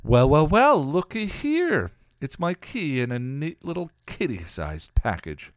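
A man's voice: a little high, huge pitch swings, measured pace, no room sound, clean studio sound, voice pushed up. A man voicing a cruel, gloating female hell god in a read-aloud story, with a drawling, mocking manner.

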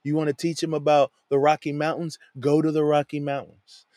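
A man's voice: fairly high pitch, level tone, a little fast, a little mellow, dry recording. A man teaching a Bible passage in a loose, conversational way, often tossing in "man" and "you know what I'm saying". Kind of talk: casual Bible study talk. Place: lives in a van.

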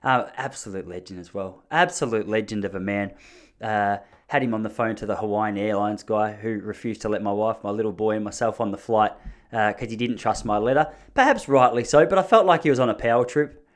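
A man's voice: fairly low pitch, fairly quick. A man in his thirties with an Australian accent, hosting a podcast and telling rambling, jokey stories in a casual chat. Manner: chatty, rambling, jokey storytelling. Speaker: podcast host.

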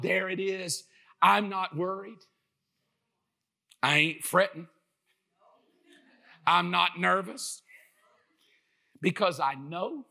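Middle-aged male preacher, high bright voice, impassioned sermon delivery that rises to shouts. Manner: impassioned, often shouting to the congregation.

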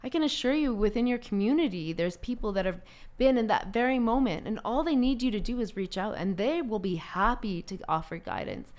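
A woman in a casual conversation as a guest, telling stories in an animated way and laughing often. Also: mid-range voice, fairly quick, few pauses.

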